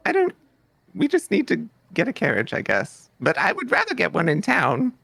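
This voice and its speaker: Gravelly, husky player with swooping pitch. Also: wildly swooping pitch, moderate pace, a bit bright. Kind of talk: tabletop game banter.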